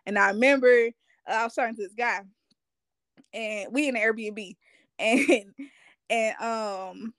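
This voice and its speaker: A woman hosting a podcast with a somewhat high voice, chatting in a loose, laid-back way. She drifts through her sentences with slang and frequent laughs. Her voice sounds dry and close to the mic. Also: measured pace, long pauses, a bit bright, dry recording. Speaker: podcast host. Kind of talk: casual chat.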